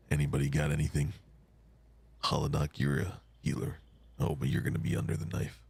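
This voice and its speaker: A man's voice: a bass voice, completely flat delivery, a little fast, creaky, a little mellow, husky. A man playing a tabletop game, chatting casually and musing aloud. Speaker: player.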